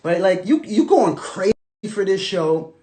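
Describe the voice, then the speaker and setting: A man speaks to camera in a casual storytelling vlog, his voice pitched a little high and bouncing widely in tone. He talks in loose slang, full of restarts, and swings from loud outbursts to near-murmurs. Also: very animated, a little slow. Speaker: vlogger telling his own story.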